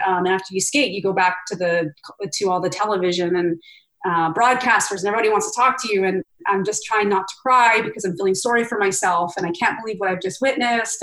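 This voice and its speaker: Middle-aged woman retelling a big moment, lively, quotes herself, roomy echo. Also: medium pitch. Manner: animated, quotes herself and others in lively asides. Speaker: guest. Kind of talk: interview storytelling.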